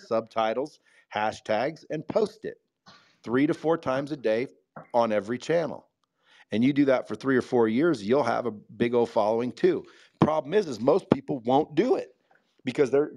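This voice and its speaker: A middle-aged man speaking in a blunt, profane, animated way, telling a story as a guest speaker in a casual live chat. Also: medium pitch.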